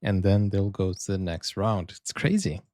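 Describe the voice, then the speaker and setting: A man from Brazil hosting a sports reaction video, chatting excitedly and often stumbling and restarting his sentences. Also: low voice, moderate pace, no room sound, clean studio sound. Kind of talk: casual reaction commentary.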